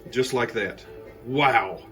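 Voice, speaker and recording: This channel host, a Georgia man with a Southern accent, cooks casually on camera while joking and talking to his viewers. His mid-range voice is slow, pushed and bright, with soft background music and rough recording quality.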